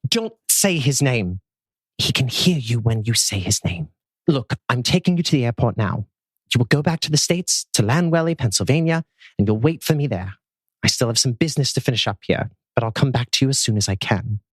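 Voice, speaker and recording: A man's voice: mid-range voice, lively intonation, a little fast, husky, no room sound. A man reading the part of a stern, worried middle-aged mother in a script table read. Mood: urgent hushed.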